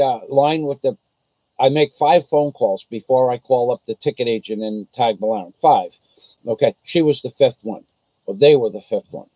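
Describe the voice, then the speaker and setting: A man's voice: mid-range voice, dark tone, no echo, low-quality recording. An American man vlogging from the Philippines, telling an indignant, rambling story on a casual livestream. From United States.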